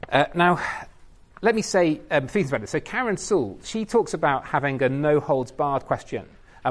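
A man giving an informal, self-mocking training talk on leading Bible study, with many ums. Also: medium pitch.

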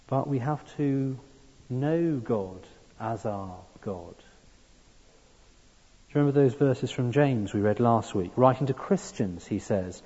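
A man's voice: fairly low pitch, unhurried, mellow, slightly rough. A man preaching a sermon, earnest and building to emphatic peaks. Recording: dull sound in a long-reverb hall.

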